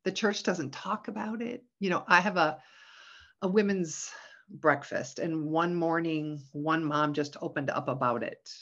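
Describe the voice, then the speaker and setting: A middle-aged woman telling stories about motherhood and faith in a casual conversation, expressive and laughing often. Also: low-pitched, measured pace, muffled recording. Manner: expressive storyteller, animated when quoting, laughs often. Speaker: guest, Christian parenting author.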